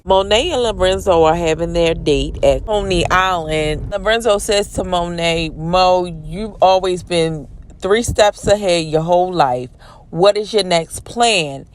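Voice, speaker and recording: A woman giving a casual, slangy recap of a TV drama episode and reacting loudly to the scenes. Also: on the low side, measured pace. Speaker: TV recap commentator.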